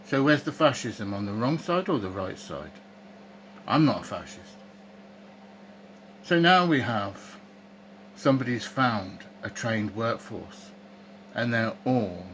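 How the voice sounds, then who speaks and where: A man delivering a rambling, opinionated monologue straight to camera. He talks slowly in a fairly low voice, firing off rhetorical questions. His tone turns scornful as he rants. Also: a bit bright, slight background noise, low-quality recording. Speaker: political commentator.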